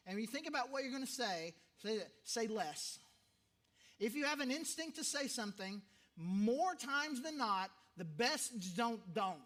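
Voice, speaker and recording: A man's voice: sits high, a bit bright. Conversational man preaching a sermon. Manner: conversational, self-interrupting, emphatic repetitions. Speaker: pastor.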